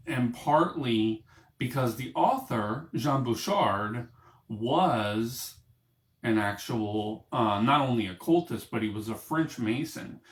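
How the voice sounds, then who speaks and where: In a book-lined room with an echoey sound, a man with a lowish voice hosts his own small broadcast. He rambles casually to camera, full of fillers and restarts.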